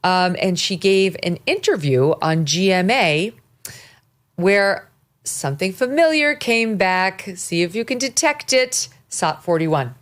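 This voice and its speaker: A woman hosting a talk show, chatting in a sarcastic, mocking way with quick asides. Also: medium pitch, lively intonation. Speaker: show host. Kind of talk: opinionated casual talk show chat.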